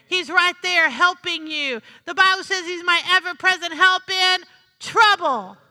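A woman preaching to her congregation in a very high, piercing voice, her words ringing out through a church hall with a long reverb. She works the room with call-and-response and says key lines twice. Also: a little slow, bright, forceful tone. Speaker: pastor. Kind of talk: sermon. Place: church sanctuary.

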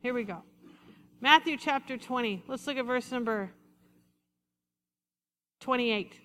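A woman pastor preaching a sermon, leading the congregation in call-and-response and slowing down for emphasis. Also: a little high, fairly bright tone, slight background noise. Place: church sanctuary. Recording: reverberant hall.

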